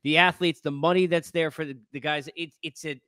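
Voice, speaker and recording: A man's voice: on the high side, steady tone, a little fast, sharp tone, clean tone, no echo, studio quality. A man hosting a casual baseball interview, asking long, rambling questions with many restarts. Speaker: baseball broadcaster, host.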